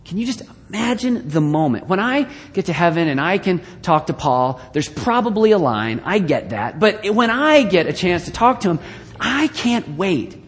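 A male pastor giving a conversational sermon with joking asides, swinging between loud bursts and quiet, hushed lines. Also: high voice, big pitch swings, normal speed. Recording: long reverb of a large hall.

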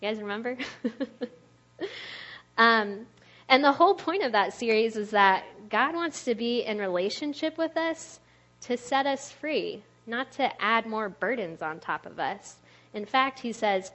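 A woman's voice: a little high, animated, unhurried, fairly bright tone. A woman delivers a casual sermon in a friendly, conversational voice. She laughs often and fills her talk with "like". The recording sounds slightly muffled. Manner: chatty, laughs often, uses "like" a lot. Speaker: speaker at a church youth talk.

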